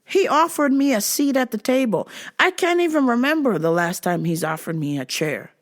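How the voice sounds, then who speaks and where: A woman hosting a vlog, telling a comic story in an animated, laughing, foul-mouthed way. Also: a little high, normal speed, hardly any pauses. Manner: animated, laughing, heavy swearing. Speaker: vlog host. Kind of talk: casual comedic monologue.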